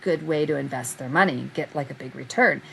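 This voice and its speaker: A woman guest telling anecdotes in a casual chat, animated, laughing often and acting out what people said. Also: a bass voice, a little fast, gravelly, a little hiss or hum, rough recording. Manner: animated storyteller who laughs often and acts out quotes. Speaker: guest, vintage fabric reseller.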